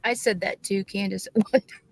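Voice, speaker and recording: A woman's voice: medium pitch, fairly even intonation, a little fast, creaky, slight background noise. A woman co-hosting a casual livestream, teasing and laughing often.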